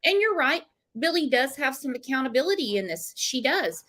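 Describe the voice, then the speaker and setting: Brief: woman livestream host, high voice, outspoken and blunt, talks back to her comments section. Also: sing-song, moderate pace, fairly bright tone. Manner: blunt, opinionated, reads out comments. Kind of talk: livestream chat with callers.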